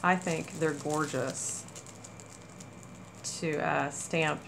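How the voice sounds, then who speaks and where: A woman hosting a casual crafting haul video, gushing with excitement over small items. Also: low-pitched, extremely slow, creaky, noisy background. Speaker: crafting channel host. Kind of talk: casual haul chat to camera.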